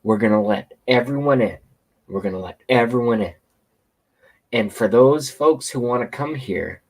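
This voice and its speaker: A man's voice: mid-range voice, expressive, normal speed, darkish tone. A man delivering a profane, rambling political rant, repeating himself for emphasis. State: hiccups. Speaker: political commentator. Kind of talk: ranting political monologue. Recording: outdoors, passing train nearby.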